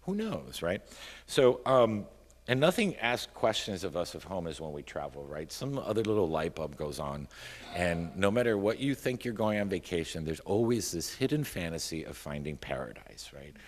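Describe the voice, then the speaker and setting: A middle-aged man with a low, deep voice reads his poems and talks between them in a relaxed, conversational way, poking fun at himself and often asking the room "right?". He is recorded live at an arts center, and his voice rings out with a long hall reverb. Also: moderate pace. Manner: conversational, self-deprecating asides, frequent "right?". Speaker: featured poet. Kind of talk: poetry reading with spoken introduction.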